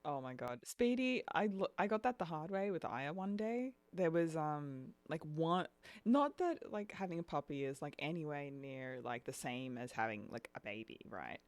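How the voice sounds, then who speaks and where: A woman's voice: sits low, expressive, normal speed, no room sound. A young woman streaming a game and chatting casually, laughing often and dropping lots of "like" and "dude". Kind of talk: casual chat while gaming.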